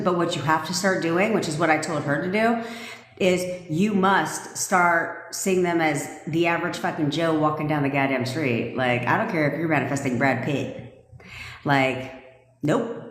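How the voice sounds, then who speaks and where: A woman manifestation coach on a live stream, talking in a sassy, profane, emphatic way. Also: low voice. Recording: echoey room with long reverb.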